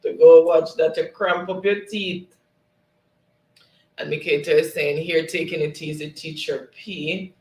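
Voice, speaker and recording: A man's voice: a little high, steady tone, unhurried, dark tone, roomy sound, poor audio. A man hosting a casual livestream, reading viewers' comments aloud in a friendly way and laughing often. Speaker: livestream host.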